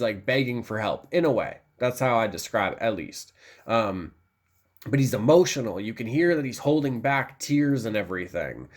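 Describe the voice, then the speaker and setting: A male vlogger chatting through a film review, eager and rambling, full of fillers and quick restarts. His voice sits at a mid pitch for a man. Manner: enthusiastic and rambling, lots of fillers. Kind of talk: casual film review talk.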